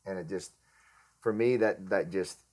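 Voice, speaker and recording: A man's voice: low voice, a little slow, darkish tone. A man hosting a podcast interview, asking long rambling questions and affirming his guest. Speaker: podcast host. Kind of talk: casual interview conversation.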